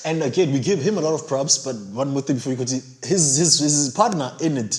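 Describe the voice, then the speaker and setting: A man's voice: medium pitch, fast. A man co-hosting a casual film review chat, telling stories animatedly and acting out his own reactions with big jumps in voice. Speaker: podcast co-host. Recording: roomy echo.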